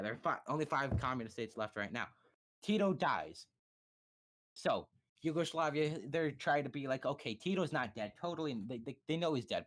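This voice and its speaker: A young man streaming live, rambling through a casual history lesson with swearing, jokes and quick mock voices. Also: mid-range voice, a bit bright.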